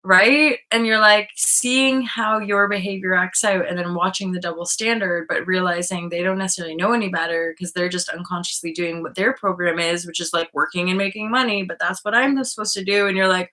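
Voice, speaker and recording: A woman's voice: medium pitch, moderate pace, bright, forceful tone. A woman hosting a live online show, talking frankly and casually, thinking aloud with many fillers and the odd swear word. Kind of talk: casual live-stream talk on spiritual healing.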